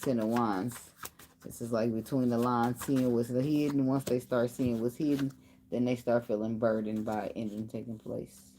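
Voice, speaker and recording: A woman's voice: very deep voice, fairly even intonation, moderate pace, warm tone, slight background noise, rough recording. A woman giving a casual tarot reading, blunt and loose, swearing as she thinks aloud. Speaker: tarot reader. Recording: card shuffling and clicks behind the voice. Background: cards shuffling, clicks.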